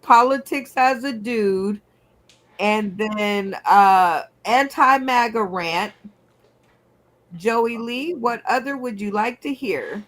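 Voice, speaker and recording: A woman hosting a comedy game show over a video call, playful and unhurried as she recaps everyone's picks. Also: on the high side.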